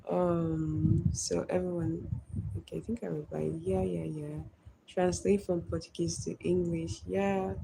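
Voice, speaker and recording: A woman's voice: fairly low pitch, creaky, warm tone, a little hiss or hum. A woman with a Nigerian accent chatting casually on a live stream, greeting viewers by name and answering their comments.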